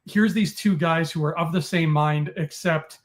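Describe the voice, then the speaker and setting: A man in a casual chat, animated, acting out his own reactions as little quotes. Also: a little high, normal speed.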